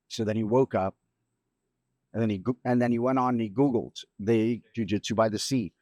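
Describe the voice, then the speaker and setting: Middle-aged father, guest; halting, reflective storyteller; mid pitch, dry mic. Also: darkish tone, no room sound. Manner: halting, reflective, many restarts. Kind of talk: emotional storytelling.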